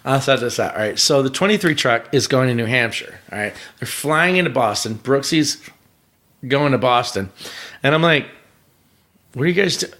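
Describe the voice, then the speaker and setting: A man's voice: medium pitch, animated, moderate pace, fairly bright tone. A man, a pit crew member, guesting on a podcast and telling rambling, profane stories, often laughing. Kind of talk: casual storytelling.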